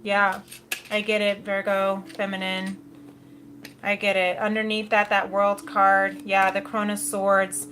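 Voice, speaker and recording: A woman's voice: medium pitch, monotone, unhurried, a bit bright. A woman giving a casual tarot reading, chatty, laughing often and slipping into quoted asides. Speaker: tarot reader.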